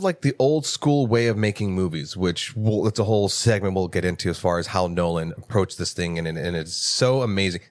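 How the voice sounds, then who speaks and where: A man co-hosting a movie podcast, ranting in casual chat with lots of swearing and sudden jumps in pitch. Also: no echo, studio quality. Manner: animated, profane ranting with quick jumps in pitch. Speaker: podcast co-host.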